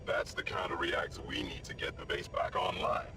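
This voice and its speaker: An actor playing a gruff male spaceship crewmate in a video game, heard as distant game audio. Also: low-pitched, flat delivery, moderate pace, natural voice. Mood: urgent. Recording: distant game audio over loud engine noise.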